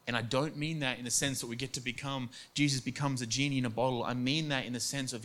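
An earnest man preaches a sermon at an everyday mid pitch. He acts out quoted voices as he goes and repeats words for emphasis. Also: steady tone, fast, few pauses, fairly bright tone. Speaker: pastor.

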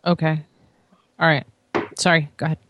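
A woman co-hosting a casual podcast, chiming in with quick reactions and laughter. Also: low-pitched, little pitch movement, a bit bright, a little hiss or hum. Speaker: podcast co-host.

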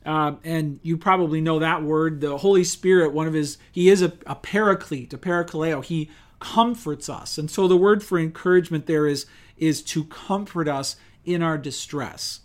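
Lively conversational male preacher. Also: fairly high pitch, normal speed. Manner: lively, conversational preaching with rhetorical questions and acted-out quotes. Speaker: pastor. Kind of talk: sermon.

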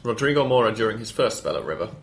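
Podcast host, male, low-ish voice, chatty and rambling, stops to fix his own facts. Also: animated. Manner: rambling, stops to correct himself, quick with stats. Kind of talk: casual football podcast chat.

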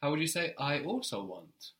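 A man teaching a one-on-one language lesson, explaining patiently and often checking with a quick question. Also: fairly high pitch, big pitch swings, fairly bright tone.

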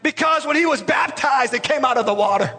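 Brief: man in his forties, pastor, high and bright voice, passionate sermon, big reverberant hall. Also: lively intonation, fairly quick. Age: 40s. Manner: impassioned, rising to shouts, stammering restarts.

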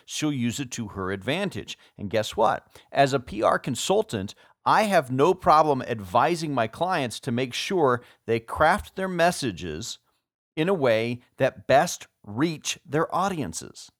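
A man hosting a podcast as a PR consultant, explaining politics in a measured way and posing rhetorical questions. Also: medium pitch, fairly bright tone, dry recording, clean studio sound. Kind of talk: scripted podcast commentary.

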